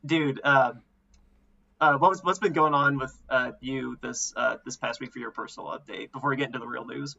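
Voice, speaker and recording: A man's voice: mid-range voice, fairly even intonation, brisk, gravelly, pushed and bright. A man co-hosting a podcast, joking around in casual chat and laughing often. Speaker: podcast co-host. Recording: dull, lo-fi sound.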